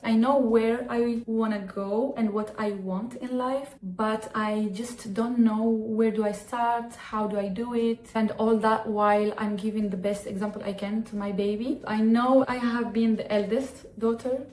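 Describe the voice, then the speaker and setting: A woman's voice: medium pitch, a little mellow. A woman in her thirties with an Arabic accent, talking candidly and reflectively while doing her makeup. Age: 30s. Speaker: beauty vlogger and mother. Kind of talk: get-ready-with-me chat. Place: room at home, in front of a mirror. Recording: echoey room.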